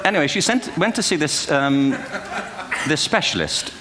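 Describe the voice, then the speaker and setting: The recording is very noisy as an older man, voice a little high and animated, delivers a funny keynote at a moderate pace. He speaks before a live audience in a large auditorium, sprinkling in wry asides and self-deprecating stories.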